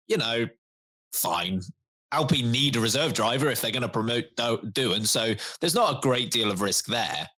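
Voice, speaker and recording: A young man, a podcast co-host in casual chat, talking in an animated way. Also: fairly low pitch. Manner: animated, laughs, puts on quoted voices.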